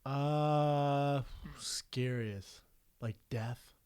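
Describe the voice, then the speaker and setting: A man's voice: medium pitch, steady tone, very slow, darkish tone, clean tone. A man co-hosting a podcast as a fighter, telling stories in casual chat, blunt and swearing freely.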